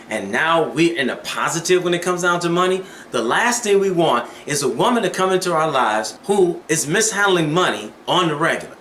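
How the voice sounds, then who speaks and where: A man's voice: a little high, sharp tone, reverberant, slight background noise. A man telling dating advice stories in a casual vlog, preachy and conversational.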